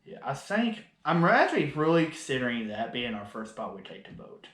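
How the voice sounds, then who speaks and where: A man's voice: medium pitch, very animated, a little fast, fairly bright tone. Laid-back man in an echoey room. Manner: laid-back, laughs often. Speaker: podcast co-host. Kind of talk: casual chat.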